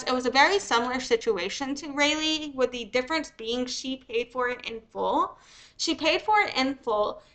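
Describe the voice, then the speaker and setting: A woman streamer giving heated, profane livestream commentary with fast angry rants. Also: sits high, pushed and bright.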